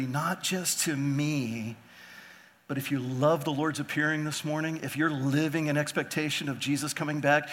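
A man preaching a sermon with impassioned swings between quiet and loud emphasis, acting out biblical figures in casual modern speech. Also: a little high. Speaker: pastor.

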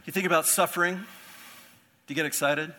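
A man's voice: on the high side, steady tone, brisk, pushed and bright, slight background noise. A man preaching an earnest expository sermon as pastor, asking rhetorical questions and repeating phrases for emphasis.

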